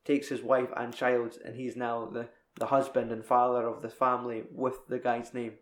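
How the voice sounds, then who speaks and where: A young man tells a film's story in a loose, sweary ramble. His voice sits at an ordinary middle pitch and rings around an echoey room. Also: level tone, moderate pace. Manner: rambling, sweary film recap. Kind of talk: casual chat.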